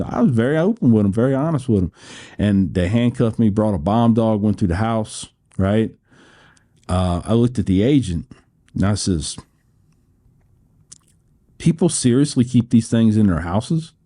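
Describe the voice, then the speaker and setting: Low mellow-voiced American man telling stories. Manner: rambling, laughs often, restarts phrases. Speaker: podcast guest. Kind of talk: storytelling interview.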